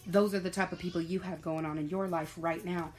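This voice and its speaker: A woman's voice: lowish voice, steady tone, a little fast, slight background noise, poor audio. Encouraging woman giving a spiritual reading. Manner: encouraging, swears casually, repeats phrases. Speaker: tarot reader.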